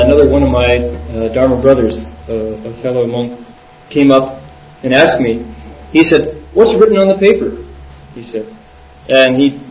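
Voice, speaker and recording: A man interpreting a dharma talk, retelling the story in a lively way and voicing the quoted speakers. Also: mid-range voice. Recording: echoey, distant, dull lo-fi recording.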